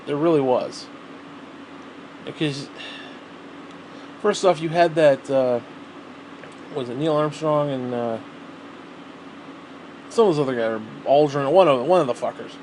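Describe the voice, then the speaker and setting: A man's voice: fairly high pitch, unhurried, long pauses, darkish tone, slight background noise. A man ranting alone in a vlog, rambling and exasperated, swearing constantly. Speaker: vlogger. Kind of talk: solo rant to camera.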